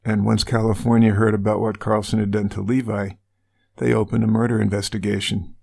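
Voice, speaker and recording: A man's voice: on the low side, level tone, brisk, vocal fry, darkish tone. A man co-hosting a true-crime podcast, retelling a case casually with wry asides. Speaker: podcast co-host.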